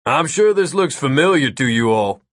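A man voices a smug male wizard, pitching above his own natural voice and acting it lightly, as the wizard explains his prank spell in a mocking, lecturing way. His medium-pitched voice is lively and moderately paced, recorded clean in a studio with no echo.

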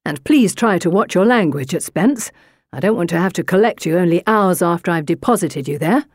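Woman as a starchy young gentleman in an audiobook, fast, proper, scolding. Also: lowish voice, expressive, dry recording, studio quality. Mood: exasperated. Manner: brisk, proper and exasperated. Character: stuffy young Victorian gentleman brother.

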